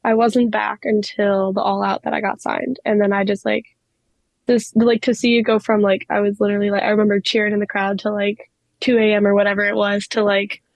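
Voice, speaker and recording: A young woman in her twenties, a wrestler telling stories in a casual interview, excitable and giggly with lots of fillers. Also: mid-range voice, creaky, no room sound, poor audio. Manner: excitable, giggly, many likes. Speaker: wrestler, guest.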